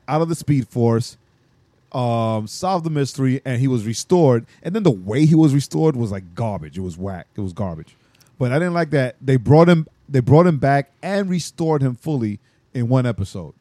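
A male podcast co-host chats casually, his pitch swinging widely as he jokes and riffs. He finishes his partner's sentences. The sound is dry and close. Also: no room sound. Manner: animated, jokey, quick to riff and finish the other's sentences. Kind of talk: casual chat.

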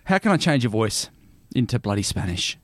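Man, podcast co-host, casual chat, animated pitch, playful. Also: a little fast, dry recording, studio quality. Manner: playful, laughing, fiddling with software.

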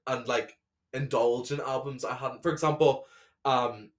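A man's voice: mid-range voice, fairly even intonation, a little slow. A man co-hosting a podcast in casual chat, talkative, swearing and laughing often. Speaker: podcast co-host.

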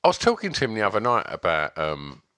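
A man with a very low voice that still swings widely in pitch, trading dry teasing jabs as a podcast co-host. The tone is bright and close, recorded dry without room echo. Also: wildly swooping pitch, quick pace. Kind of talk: casual chat.

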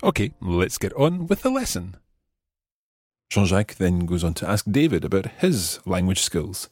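A man's voice: low-pitched, big pitch swings, moderate pace, a little mellow, husky, soft background music. A man hosting a language lesson, patiently explaining and repeating phrases. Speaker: language teacher host.

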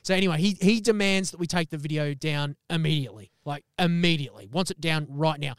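A man's voice: a little high, fast talker, clear, resonant tone, dry recording, studio quality. A young man co-hosting a podcast, telling a story in casual chat, swearing often and acting out quotes. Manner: swears constantly, animated retelling with acted quotes. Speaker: podcast co-host.

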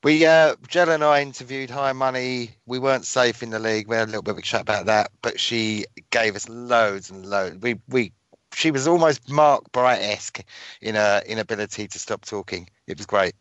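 A man's voice: mid-range voice, normal speed, fairly bright tone, no echo, muffled recording. A man co-hosting a casual football podcast, hesitant and dry-humoured. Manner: dry joking, hesitant with fillers. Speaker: podcast co-host.

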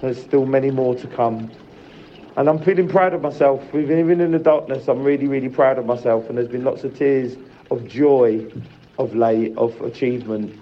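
Emotional guy in a carer's voice note, mid-pitched, dull lo-fi sound. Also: normal speed, a little hiss or hum. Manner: warm, emotional storytelling. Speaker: carer of his mother. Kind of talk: sent-in voice note.

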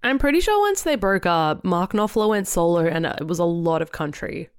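A woman's voice: lowish voice, animated, normal speed, smooth, no room sound, studio quality. A woman co-hosting a casual album podcast, chatty and reading out fun facts with playful asides. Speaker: podcast co-host. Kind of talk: casual chat about albums.

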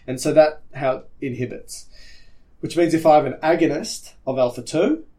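A man's voice: on the high side, normal speed, warm tone. A man co-hosting an educational podcast, explaining topics step by step and checking that his partner follows. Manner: explanatory, stops to check understanding. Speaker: co-host.

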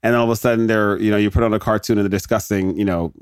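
A man's voice: fairly low pitch, steady tone, very fast, smooth, dry recording, studio quality. A man in his thirties hosting a podcast, ranting casually and jokily, often interrupting himself. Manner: rambling, jokey, self-interrupting. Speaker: podcast host. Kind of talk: casual solo rant.

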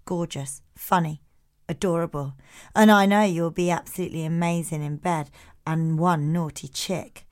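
A woman voicing a blunt, crude man in a deadpan reading of his messages. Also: lowish voice, moderate pace, voice pushed down, lightly acted.

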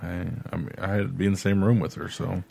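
A man's voice: sits low, little pitch movement, fast, vocal fry, a little mellow, husky. A father telling a family story in casual conversation, with a dry storytelling manner. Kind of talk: casual chat.

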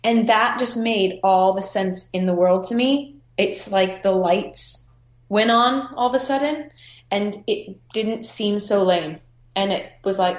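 A woman photographer tells her story in a candid, chatty way, her thoughts spilling out with frequent "you know" fillers. Her voice sits in an ordinary middle register. The recording is roomy, with clear echo around her. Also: mid-range voice, slow. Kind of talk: casual personal storytelling.

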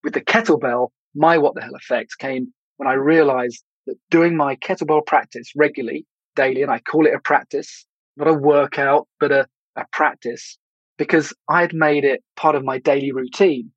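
A man's voice: on the high side, fairly even intonation, moderate pace, husky, dry recording. A man hosting a podcast, talking alone in a reflective, conversational way with some restarts. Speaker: podcast host. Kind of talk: solo podcast monologue. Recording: dull lo-fi dry recording.

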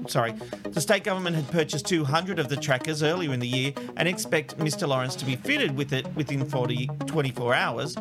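Emphatic man with music under him. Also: on the high side. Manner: emphatic, indignant opinions. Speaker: co-host and news reader. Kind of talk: casual talk show chat and news reading.

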